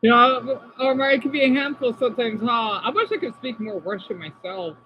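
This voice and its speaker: High, lively-voiced woman chatting to viewers. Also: normal speed, muffled recording, a little hiss or hum. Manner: chatty, talks to viewers by name, sounds out words. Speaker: livestreamer reading chat. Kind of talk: casual live-stream chat.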